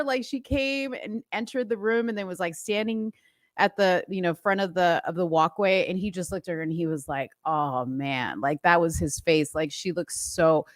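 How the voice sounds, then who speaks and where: A woman's voice: fairly low pitch, unhurried, no room sound, clean studio sound. A woman co-hosting a podcast, telling a story in a chatty, gushing way and saying "like" often. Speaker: podcast co-host. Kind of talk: casual chat.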